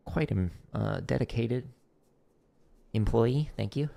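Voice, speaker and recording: A man casually talking through a drum practice stream, explaining relaxed with a dry, deadpan humor. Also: mid-range voice, moderate pace, creaky.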